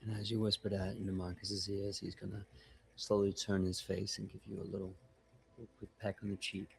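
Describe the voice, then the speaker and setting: A man with a very deep, gravelly voice narrating his character's actions at a tabletop game. His delivery is low, gentle and tender. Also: level tone, a little fast, slight background noise. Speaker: player voicing Marcus. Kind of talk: in-character tabletop role-play.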